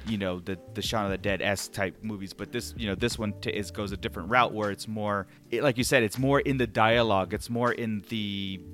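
A man's voice: on the low side, fairly even intonation, fairly quick, hardly any pauses, fairly bright tone, faint music behind. Rambling casual man reviewing a film. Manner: rambling, filler-heavy, enthusiastic. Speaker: podcast co-host.

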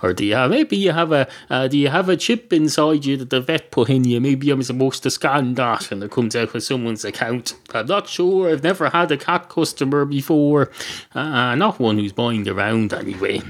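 A man's voice: medium pitch, lively intonation, moderate pace, lightly acted. An Irish man voicing a polite, patient barman who reasons and rambles with a customer, in a comedy podcast. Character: patient, chatty male pub barman.

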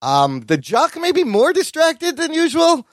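High, lively man hosting a podcast. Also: a little slow, dry recording. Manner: playful, teasing, animated. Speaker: podcast host. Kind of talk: casual podcast chat.

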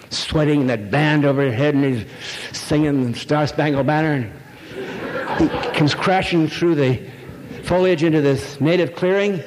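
A man lecturing live from a stage, wandering from point to point with a wry, irreverent edge. His voice sits a little high for a man and rings out with a long hall tail, over a faint hiss. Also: darkish tone.

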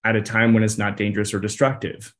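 A man's voice: lowish voice, completely flat delivery, a bit bright. A man co-hosting a parenting podcast, talking things through thoughtfully with frequent restarts. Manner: thoughtful, halting, restarts phrases with "um" and "you know". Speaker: podcast co-host, psychologist. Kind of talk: casual advice chat.

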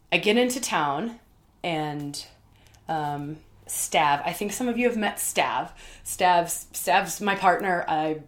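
A woman host telling a candid personal story in a casual, emphatic way, with many fillers and repeated words. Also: lowish voice. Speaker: podcast host.

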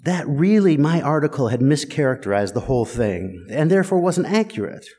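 A man delivers a sermon with a chatty, teasing wit, needling his listeners. His voice sits a little high and swings widely in pitch. The sound rings with the long reverb of a church sanctuary. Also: sing-song, a little fast, mellow, breathy edge. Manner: conversational, wry and teasing with the congregation. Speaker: pastor.

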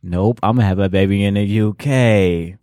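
A man's voice: on the low side, moderate pace, warm tone, dry recording, clean studio sound. A man co-hosting a casual podcast chat, telling stories in a laid-back, slangy way and laughing often. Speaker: co-host.

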